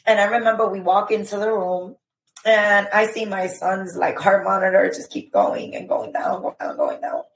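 A woman telling a painful personal story as a podcast guest, emotional and halting, with many fillers. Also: medium pitch, steady tone, echoey room, a little hiss or hum, rough recording.

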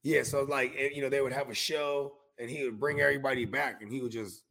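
A man's voice: mid-range voice, steady tone, quick pace, creaky, fairly bright tone. A man co-hosting a casual podcast chat, rambling in slang and often asking "you know what I mean". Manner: rambling, slangy, keeps saying 'you know what I mean'. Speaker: podcast co-host.

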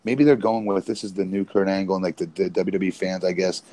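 Podcast co-host, male, very low register, rambling casual delivery. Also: fairly even intonation, fast talker, warm tone, no room sound, low-quality recording. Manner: rambling, many restarts and fillers. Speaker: podcast co-host, former independent wrestler. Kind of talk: casual wrestling chat.

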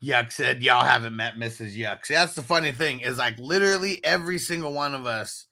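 Bright-voiced man joking through chat comments. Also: medium pitch, fairly quick. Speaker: co-host. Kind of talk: casual podcast chat.

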